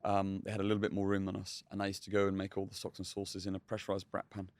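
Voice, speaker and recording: A man's voice: low voice, monotone, quick pace, dry recording. A man, a chef telling kitchen stories in a casual interview, chatty with many fillers and restarts. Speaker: chef, podcast guest. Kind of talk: casual storytelling.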